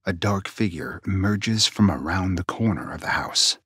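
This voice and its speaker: A man narrating a suspense story in a hushed, tense manner, often dropping near a whisper. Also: sits low, normal speed, breathy edge, dry recording, clean studio sound.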